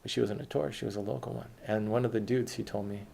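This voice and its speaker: Gravelly low-voiced man telling a story. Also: fairly even intonation, quick pace, dark tone. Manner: rambling, swears freely. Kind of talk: casual autobiographical storytelling.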